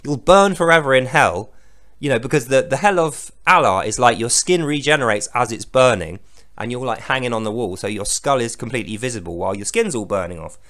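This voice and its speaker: A man putting on the voice of a wrathful male deity, snarling loud profane threats. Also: mid-range voice, lively intonation, fairly quick, pitched below the performer's own voice. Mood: menacing.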